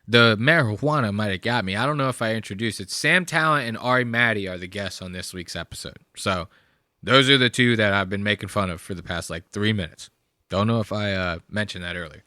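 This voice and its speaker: A young male podcast host reacting to clips in casual, profane, rambling talk. His voice is bright and forward. The sound is dry and close. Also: fairly low pitch, fairly quick, no room sound.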